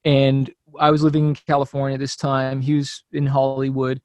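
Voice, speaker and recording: A man, a musician guest on a podcast, telling a story in a relaxed, loose way, full of "like" and "you know". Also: medium pitch, moderate pace, no echo, highs cut off. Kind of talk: casual chat.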